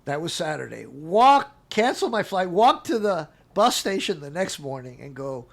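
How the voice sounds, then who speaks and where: High-voiced middle-aged man telling a story. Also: a little slow, gravelly. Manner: animated, acts out quotes with laughs. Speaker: interview guest. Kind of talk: casual storytelling.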